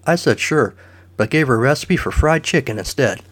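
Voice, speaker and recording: A man's voice: medium pitch, animated, a little fast, natural voice. A man doing a crude brash rat catcher. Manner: brash, swaggering.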